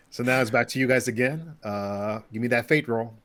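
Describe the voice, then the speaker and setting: A man's voice: medium pitch, moderate pace, crowd noise. A man running a tabletop game as game master, loose and rambling with many restarts.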